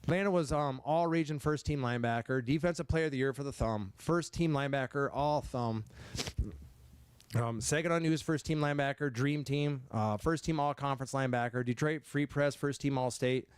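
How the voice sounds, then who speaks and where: A man in his forties, a head football coach giving a banquet speech, talking in halting, stammering repeats and getting emotional at times. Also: medium pitch, smooth, no echo. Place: banquet hall, indoors.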